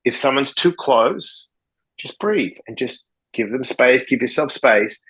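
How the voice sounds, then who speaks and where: A man, a podcast guest telling stories in a casual, animated way and acting out both sides of the dialogue. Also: medium pitch, slow pace, slightly rough, rough recording. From Australia. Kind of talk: casual storytelling in a podcast interview.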